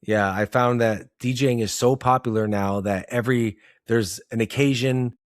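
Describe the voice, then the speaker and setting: A man's voice: medium pitch, steady tone, normal speed, dry recording, clean studio sound. A man hosting a podcast interview, easygoing and reflective, often agreeing with his guest. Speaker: podcast host. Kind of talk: casual interview. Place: podcast studio.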